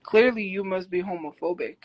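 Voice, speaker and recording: A woman livestreaming who answers her chat defensively and argues back, habitually talking loud. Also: medium pitch, fairly quick, highs cut off. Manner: defensive, argumentative. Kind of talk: live stream chat replies.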